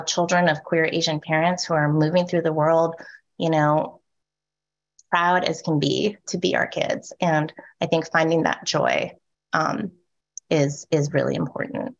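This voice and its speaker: A woman moderating a panel discussion, speaking softly with a lilt that rises at the end of her sentences and checking in often with "right?". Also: low voice, steady tone, unhurried, creaky, dull audio. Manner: soft voice with rising lilt at sentence ends; frequent "um" and "right?" check-ins.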